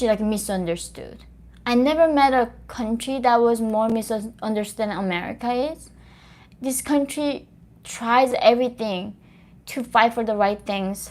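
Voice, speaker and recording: A young woman from North Korea, a native Korean speaker, talking earnestly to an audience in English and often repeating and restarting phrases. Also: fairly high pitch. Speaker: host.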